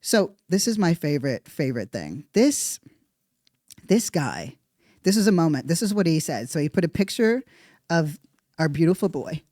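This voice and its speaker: This is a podcast host talking casually through the news as comedy. The delivery is animated and sarcastic, with plenty of swearing. The voice sits in a middle register and sounds close and dry, with no room around it. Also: medium pitch, normal speed, dry recording. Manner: animated, profane, sarcastic riffing.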